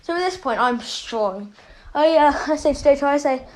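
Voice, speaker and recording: A woman's voice: high-pitched, fairly quick, a little mellow, slight background noise. A woman casually telling a made-up story as a channel host, rambling and correcting herself often. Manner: rambling, with many fillers and self-corrections.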